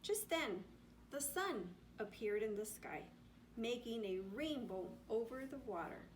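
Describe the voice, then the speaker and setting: Woman, storybook reader, expressive, high voice, slow pace. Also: slight background noise. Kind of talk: reading a picture book aloud.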